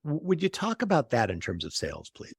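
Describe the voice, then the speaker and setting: A man's voice: mid-range voice, wildly swooping pitch, fast, gravelly, slightly rough, no echo, clean studio sound. A man hosting an interview podcast, enthusiastic and affirming toward his guest. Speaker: host.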